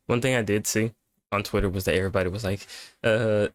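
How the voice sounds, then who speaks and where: A man's voice: on the low side, fairly even intonation, fast. A young man hosting a casual reaction video, rambling and profane, tired from staying up. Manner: rambling, profane, laid-back. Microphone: webcam setup at home.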